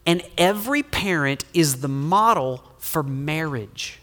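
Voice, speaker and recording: A middle-aged male pastor delivers a sermon with a bright, forceful, somewhat high voice. He is lively and joking, dropping from loud emphasis to quiet asides. His words ring out with a long reverb in a large church hall. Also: slow pace, few pauses.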